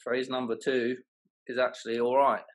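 A man's voice: mid-range voice, level tone, moderate pace. A man from London with a London accent, a guest judge giving dry, teasing verdicts in casual banter. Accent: London English. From London, England. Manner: dry, teasing, laughs at the hosts.

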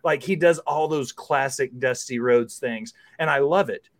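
A male guest on a wrestling podcast, quick with a joke and a tease and not shy about swearing. His voice is at a middling pitch, and he talks in a loose, chatty way. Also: gravelly, no echo. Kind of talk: casual wrestling review chat.

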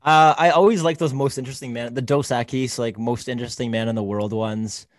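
Young guy, rapid laid-back talker, dry close mic. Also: mid-range voice, steady tone, dry recording. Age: young adult. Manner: fast, laid-back, many "like"s. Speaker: podcast co-host. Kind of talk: casual chat.

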